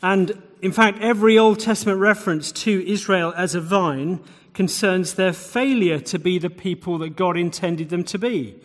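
A man delivers an expository sermon, his voice sitting a little high for a man. He leans on repetition for emphasis, and a long hall reverb trails each phrase. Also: fairly even intonation, normal speed. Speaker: preacher.

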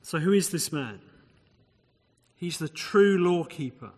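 Male preacher, conversational expository sermon, slightly raised pitch, long echo of a hall. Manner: expository, conversational asides, rhetorical questions.

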